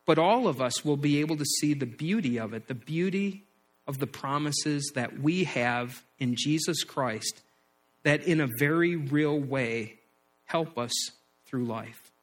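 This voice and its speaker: Middle-aged male pastor with a somewhat high voice, preaching in an easy storytelling manner. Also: expressive, measured pace. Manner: storytelling, repeats words as he speaks. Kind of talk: sermon.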